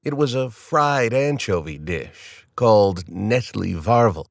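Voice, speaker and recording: A man reading a novel aloud in the first person, in a measured, wry storytelling manner. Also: lowish voice, animated, creaky, no echo, clean studio sound. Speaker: audiobook narrator. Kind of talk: scripted first-person narration.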